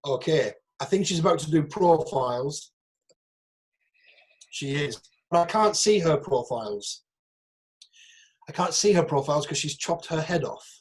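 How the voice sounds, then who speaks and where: A man's voice: a little high, animated, a little slow, pauses often. A man with a Northeast English accent, an acting agent, giving a frank, chatty online workshop over a video call and picking apart audition clips.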